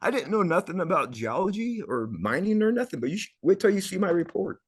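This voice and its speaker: A man's voice: high-pitched, sing-song, fairly quick, breathy edge. A middle-aged man, a podcast guest, telling a personal story in an earnest, emotional way, often repeating words.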